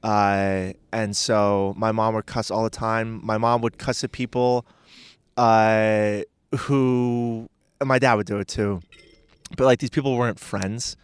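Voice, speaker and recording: A man's voice: on the low side, little pitch movement, a little slow, smooth, dry recording. A man chatting casually as a podcast guest, rambling and hesitant with lots of filler words.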